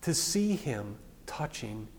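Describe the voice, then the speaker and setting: A man's voice: medium pitch, sing-song, slow pace, vocal fry, a little hiss or hum. Man preaching in an echoey hall. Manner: conversational, plain-spoken preaching. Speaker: pastor. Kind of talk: sermon.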